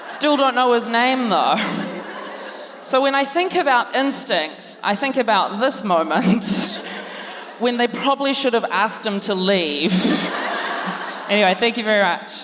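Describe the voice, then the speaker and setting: A woman's voice: fairly high pitch, lively intonation, measured pace, crowd noise. A woman, a comedian co-hosting, telling a dry, self-mocking story on stage and acting out family voices. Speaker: comedian co-host. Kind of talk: live stand-up storytelling. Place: large theatre stage before a laughing audience. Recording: long hall reverb, audience noise.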